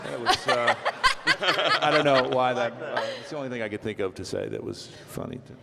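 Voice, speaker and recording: A man's voice: mid-range voice, normal speed, vocal fry, heavy background noise. Hesitant man with many uhs. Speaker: voice actor on a convention panel. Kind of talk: casual panel chat. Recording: echoey hall.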